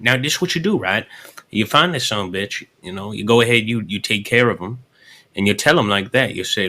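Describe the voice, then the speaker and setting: Western roleplayer, man, bright forceful voice, folksy and pushy. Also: fairly low pitch, animated, a little fast. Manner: folksy, profane, persuasive. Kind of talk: in-character roleplay chat.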